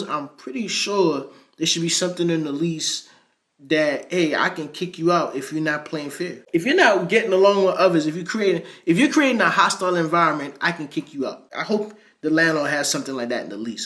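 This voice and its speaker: A man's voice: fairly high pitch, sharp tone. Blunt profane man commenting on clips. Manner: blunt, profane, slangy, asks viewers to subscribe. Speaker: reaction commentator. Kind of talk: casual reaction commentary.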